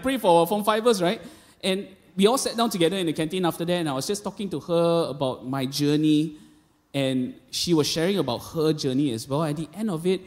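A man in his thirties with a Malaysian English accent, a pastor preaching a sermon and telling stories with quoted voices and casual asides. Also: high-pitched. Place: church auditorium. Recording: long reverb of a large hall.

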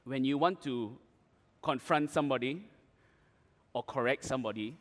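A man preaching to an audience, telling an animated, dramatic story with playful asides. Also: mid-range voice, normal speed, in a large hall. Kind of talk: storytelling sermon.

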